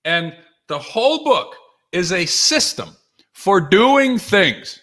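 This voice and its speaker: A man's voice: high-pitched, takes it slowly. Upbeat man hosting a live stream. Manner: energetic and upbeat, many fillers and restarts; reads out viewer comments and greets them by name. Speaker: author and livestream host. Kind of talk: live-stream talk to viewers. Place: home or office with books behind him.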